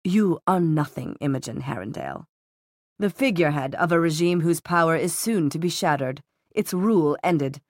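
A woman voicing a ruthless middle-aged male villain who speaks in a calm, cutting, measured way. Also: low voice, dry recording, clean studio sound. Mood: cold disdain.

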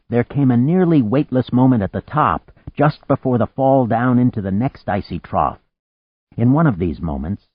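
Lively, low-voiced male audiobook narrator. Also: slightly rough, no echo, narrow, tinny audio. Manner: dramatic, rising in pitch and volume at action. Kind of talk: scripted narration.

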